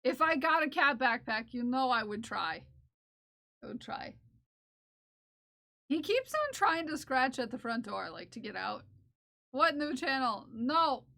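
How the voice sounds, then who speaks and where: High-voiced woman chatting on stream. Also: sing-song, a little slow, creaky, pauses often, sharp tone. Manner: chatty, playfully scolding chat. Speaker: livestream host. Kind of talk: casual live-stream chat with viewers.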